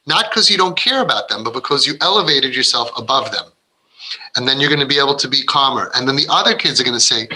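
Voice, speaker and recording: A man delivers an earnest, rambling inspirational talk to parents, his mid-range voice fast, animated, bright, and forceful, though the audio is poor. He often restarts sentences and acts out the voices of kids and parents.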